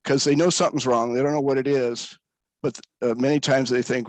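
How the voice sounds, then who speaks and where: A man's voice: mid-range voice, brisk, dry recording, rough recording. A man, a pastor in recovery, speaking earnestly about his own story, with frequent restarts. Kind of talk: candid personal storytelling.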